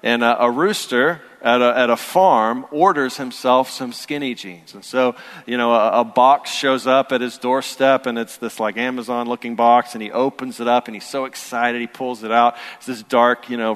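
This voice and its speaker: A man's voice: medium pitch, steady tone, normal speed, fairly bright tone, clear, resonant tone. A man in his thirties, a pastor preaching a sermon in a conversational, storytelling way that builds to earnest emphasis. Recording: long hall reverb.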